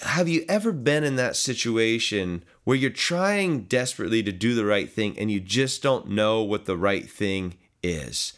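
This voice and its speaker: Expressive pastor reading scripture aloud. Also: male voice, medium pitch. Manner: reflective, asks listeners questions, then reads scripture aloud with voiced quotes. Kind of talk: devotional teaching and Bible reading.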